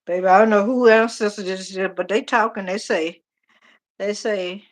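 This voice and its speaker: Middle-aged woman, animated tarot reader on a casual live stream. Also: medium pitch, normal speed. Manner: chatty, animated, talks to viewers directly.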